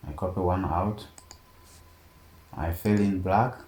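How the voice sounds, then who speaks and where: A man teaching a design software tutorial step by step and often checking in with "okay?". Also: low-pitched, slow pace. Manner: steady step-by-step explaining, frequent "okay?" check-ins. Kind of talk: screen-recorded tutorial narration. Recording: echoey room, faint background noise.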